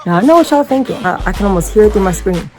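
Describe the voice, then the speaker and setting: A woman's voice: medium pitch, lively intonation, rapid-fire, over music, rough recording. A woman chatting casually and rambling through a makeup tutorial, talking straight to her viewers as y'all. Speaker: makeup vlogger.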